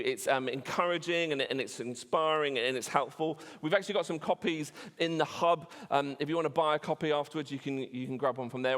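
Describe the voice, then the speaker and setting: Man, preacher, casual storytelling sermon, frequent fillers, somewhat high voice, echoing church. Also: a bit bright. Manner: chatty, storytelling, many fillers and restarts. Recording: church hall reverb.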